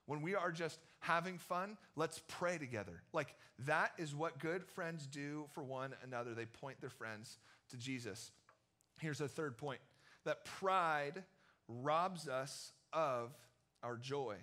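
A man's voice: fairly high pitch, lively intonation, unhurried, bright, forceful tone. A young man preaching a sermon as a youth pastor, speaking in a casual, slangy way and acting out the people in his stories. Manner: casual, slangy storytelling that acts out quotes.

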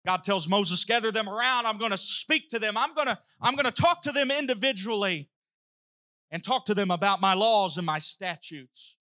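A man preaching a sermon, telling a story with lively acted-out dialogue. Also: high voice, moderate pace. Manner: animated storytelling, acting out dialogue.

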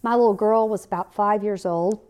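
A woman's voice: mid-range voice, fairly even intonation, moderate pace, darkish tone, clear, resonant tone. A woman giving a personal, conversational devotional teaching as a podcast Bible teacher, with many fillers and restarts.

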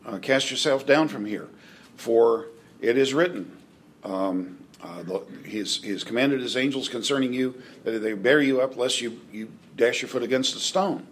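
Halting man teaching a Bible class. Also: medium pitch, husky. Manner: halting, many fillers and restarts, dry joking asides.

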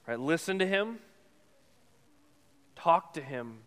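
A man's voice: on the high side, expressive, slow pace, fairly bright tone, clear, resonant tone, big-room sound. A male pastor preaching a sermon in an earnest tone, often checking in with "right?". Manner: earnest, repeatedly asks "right?".

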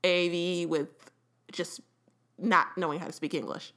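A woman from St. Louis in casual chat as a podcast co-host, quick and opinionated with a playful edge. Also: lowish voice, steady tone, a bit bright. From St. Louis, Missouri.

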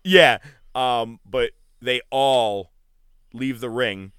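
A man co-hosting a podcast, telling wrestling stories in casual chat and loudly mimicking the wrestlers he describes. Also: medium pitch, very slow, clear, resonant tone, no room sound, studio quality. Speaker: podcast co-host.

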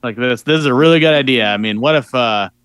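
A man's voice: mid-range voice, fast, a bit bright, clean tone, no room sound, studio quality. A man chatting casually about a movie, adding wry comments and laughing asides. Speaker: podcast co-host.

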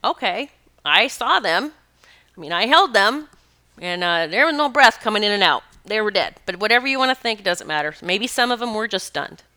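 A woman working as a spiritual teacher, telling stories in a casual monologue, animated and emphatic, laughing often. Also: medium pitch, normal speed.

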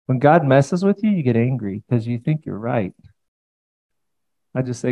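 A man's voice: medium pitch, moderate pace, long pauses, mellow, highs cut off. A man preaching a sermon in a provocative, conversational way with mocking asides. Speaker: pastor.

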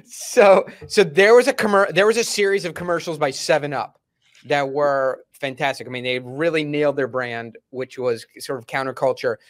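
A man hosts a casual interview podcast with a fairly high voice. He talks as an animated storyteller, often slipping into acted-out quotes. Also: moderate pace. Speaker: podcast host.

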